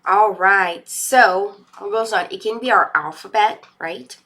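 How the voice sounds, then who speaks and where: A woman's voice: medium pitch, unhurried, bright, forceful tone. A woman with a Brazilian accent teaching English in a live lesson, explaining patiently step by step and switching into Portuguese.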